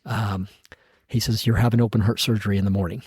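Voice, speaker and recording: A man's voice: on the low side, fairly even intonation, fast, darkish tone, slightly rough, no echo. A middle-aged man, a podcast guest, tells his own story in casual talk, acting out the voices of the people in it and chuckling at himself.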